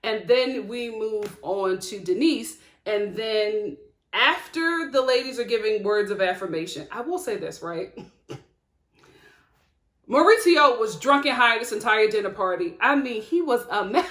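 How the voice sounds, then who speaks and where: Speaking at normal speed in a slightly high voice, this reality show reviewer gives sassy recap commentary straight to camera. She's animated and outspoken, laughing often, while her home studio with lights carries a noticeable echo.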